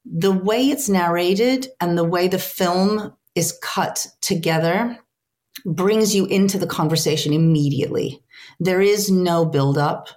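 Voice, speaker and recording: A woman with a notably low, deep voice speaks as an interview guest. She is a film translator. She talks earnestly and reflectively, stopping often to search for the right words. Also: measured pace, darkish tone.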